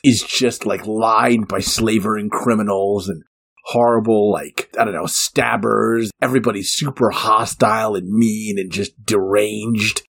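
Husky man retelling a film, laughing. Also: lowish voice, a little slow. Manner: animated, laughing storyteller. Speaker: podcast co-host. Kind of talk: casual film discussion.

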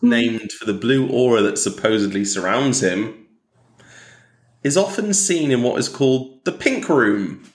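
A man's voice: medium pitch, lively intonation, a little slow, reverberant. A man co-hosting a casual podcast, joking and teasing and laughing often. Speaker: podcast co-host.

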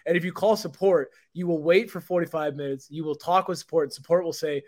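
A man's voice: on the high side, fast talker, few pauses. A man co-hosting a podcast in casual chat, ranting with lots of swearing. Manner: profane, animated ranting. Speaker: podcast co-host.

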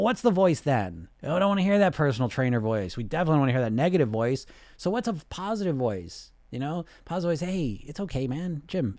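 A man coaching on weight loss in a casual, animated way, acting out inner voices, laughing and swearing now and then. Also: a little high, no room sound, clean studio sound.

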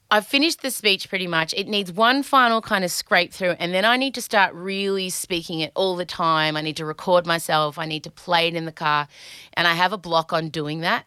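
A woman's voice: on the low side, sharp tone, clean tone, dry recording, studio quality. A middle-aged Australian woman hosting a podcast, chatting candidly and anxiously and swearing freely. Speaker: podcast host. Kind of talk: casual podcast monologue.

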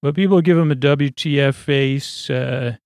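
A man's voice: medium pitch, a little slow, darkish tone, no room sound, studio quality. A man hosting a podcast, recapping a show in a meandering, filler-heavy way. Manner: rambling, lots of fillers and asides. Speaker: podcast host.

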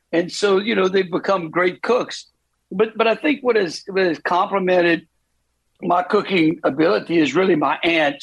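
A man from South Louisiana with a Cajun accent, talking as a phone-in guest in a halting way full of repeated words. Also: high-pitched, vocal fry, breathy edge, rough recording. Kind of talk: casual phone conversation.

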